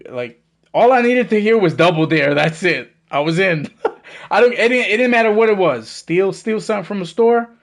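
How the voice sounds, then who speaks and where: A man's voice: high-pitched, animated, moderate pace. A young man, telling a story on a gaming stream in casual, profane talk and acting out the voices in it. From the Bronx, New York.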